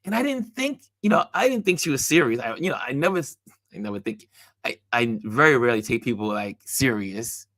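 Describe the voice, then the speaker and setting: A man hosting a motivational talk, telling a personal story and acting out the dialogue with animated delivery. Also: mid-range voice, fairly quick, no room sound, clean studio sound. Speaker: host.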